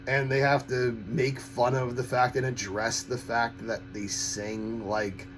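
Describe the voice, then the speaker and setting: A man giving a casual, opinionated film review in a halting way, with frequent false starts and repeated words. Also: mid-range voice, fairly even intonation, soft background music, low-quality recording. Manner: critical, blunt opinions. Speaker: host of a film-ranking channel.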